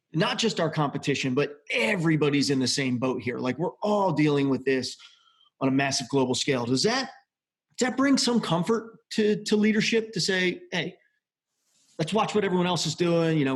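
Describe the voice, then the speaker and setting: A man in his forties, co-host of the show, asking a long, hesitant question with fillers. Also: fairly high pitch. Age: 40s. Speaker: podcast co-host. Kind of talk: casual interview questions.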